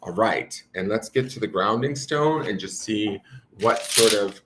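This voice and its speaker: A man's voice: lowish voice, a little slow, hardly any pauses, very noisy. A man reading tarot cards on a live stream at home, talking to his viewers in a meandering, chatty way. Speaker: tarot reader. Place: home room with an altar.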